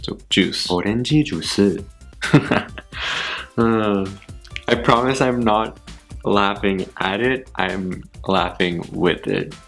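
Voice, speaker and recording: A young man chatting casually on his channel, laughing often at himself and repeating words slowly to practice saying them. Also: lowish voice, vocal fry, fairly bright tone, faint music behind. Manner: giggly, self-deprecating, repeats words slowly. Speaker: YouTuber. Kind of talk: casual vlog, word list.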